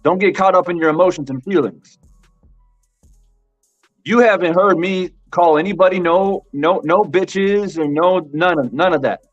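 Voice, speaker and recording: This live-stream boxing commentator has a high voice and a moderate pace. He hammers his points home to the chat, repeating himself and saying "bro" a lot, and the dull lo-fi sound carries faint music.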